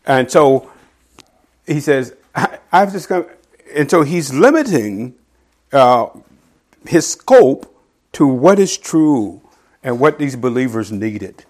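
A middle-aged man preaching a sermon in a conversational teaching style, reading scripture slowly and asking his listeners "right?". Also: medium pitch, expressive, a little mellow. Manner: quotes scripture slowly and deliberately. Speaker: pastor.

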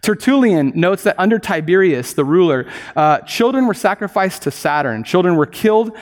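Male preacher, slightly high voice, earnest and emphatic, stretches key words; sermon in a big echoing hall. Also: expressive, moderate pace.

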